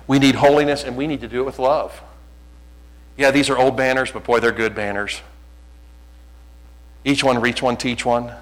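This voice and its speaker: A male pastor preaching a sermon, earnest and pleading, acting out conversations in animated bursts. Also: medium pitch, low-quality recording.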